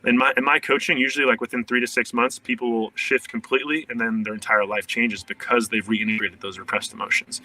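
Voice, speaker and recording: Male coach, podcast guest, earnest, rambling fillers, bright tone, mic set a bit far. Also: mid-range voice, little pitch movement, fast talker, few pauses. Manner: earnest, many "like" fillers and restarts. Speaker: shadow work coach. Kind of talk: casual podcast interview.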